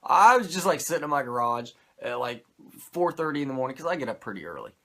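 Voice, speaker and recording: A man's voice: mid-range voice, very animated, quick pace, gravelly, bright, forceful tone. A man who hosts a podcast, giving a casual, profane and rambling recap of a wrestling show with many fillers. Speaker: podcast host.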